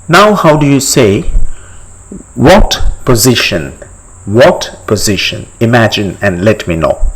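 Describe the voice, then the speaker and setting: A man teaching a step-by-step language lesson, repeating each word slowly and quizzing the listener. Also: medium pitch, animated, fairly bright tone, slight background noise, poor audio. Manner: slow, deliberate, repeats each word for practice; asks the listener questions and pauses for answers.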